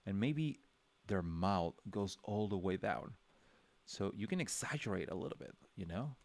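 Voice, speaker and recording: A man's voice: deep voice, animated, normal speed, creaky, no room sound. A man giving a casual livestream drawing lesson, thinking aloud with many fillers and restarts as he sketches. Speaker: drawing instructor.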